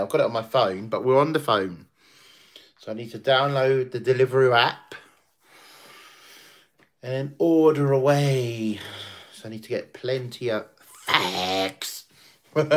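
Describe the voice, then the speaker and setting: A man hosting a casual livestream, crude, swearing and boisterous. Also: mid-range voice. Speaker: livestream host.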